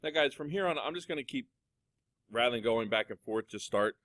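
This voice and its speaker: A middle-aged man teaching a class how to use music software, talking casually and calling his students guys. His voice sounds dry and close, with no room echo, as if recorded at a desk. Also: medium pitch, animated, a little fast. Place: computer lab classroom.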